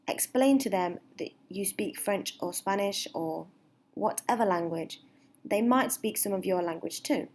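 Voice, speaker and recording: A woman teaching beginner at a deliberately slow pace, with a slightly husky voice. She is patient and repeats each example phrase, giving it a lifted, sing-song stress. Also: medium pitch, a little mellow. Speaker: English teacher. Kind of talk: slow, clear English lesson.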